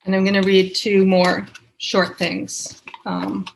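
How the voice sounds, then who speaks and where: A woman poet from Boston with a Boston accent, giving a measured, unhurried poetry reading with small asides, over a video call from home. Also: mid-range voice, monotone, creaky, slight background noise.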